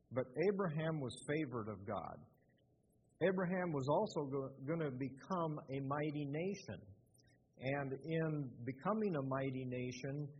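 An older man preaching in a church, halting with many fillers and restarts. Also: a little high, darkish tone, husky. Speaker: lay preacher. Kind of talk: sermon. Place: church sanctuary. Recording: muffled, with a long hall echo.

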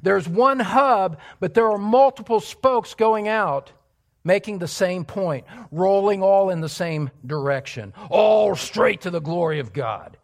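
A man preaches to his congregation in a church, working through a passage line by line. His voice sits fairly high and swings widely, sinking to hushed, intimate asides before climbing to loud, emphatic declarations. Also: lively intonation, a little slow. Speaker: pastor. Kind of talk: expository sermon.

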